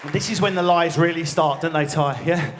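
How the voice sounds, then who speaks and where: A man in his forties with an Essex accent, riffing fast and crudely through a stand-up set with a high, bright voice. He jumps into squealed character voices mid-joke. A faint hum of the big theatre sits behind him. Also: crowd noise. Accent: Essex English. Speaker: stand-up comedian. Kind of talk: stand-up comedy routine. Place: large theatre stage.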